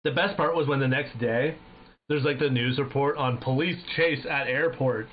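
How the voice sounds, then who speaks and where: A man on a live stream tells stories in a loose, profane, animated way, mimicking the people in them. His voice sits at a middling pitch and comes through thin and phone-like. A faint hiss runs underneath. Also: moderate pace. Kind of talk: casual storytelling chat. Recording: tinny phone-like sound with faint noise.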